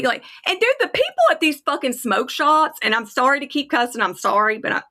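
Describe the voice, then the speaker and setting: Speaking on the high side with a pushed, bright voice, a kratom advocate on a livestream unloads in casual chat. She's furious, worked up, and cursing throughout her rant.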